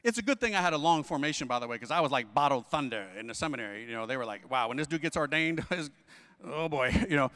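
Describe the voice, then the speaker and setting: A man's voice: fairly high pitch, lively intonation, fast, sharp tone, clear, resonant tone. A man in his forties, a Catholic priest, preaching at a conference in an emphatic, slangy way full of rhetorical questions. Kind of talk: energetic preaching. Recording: hall reverb.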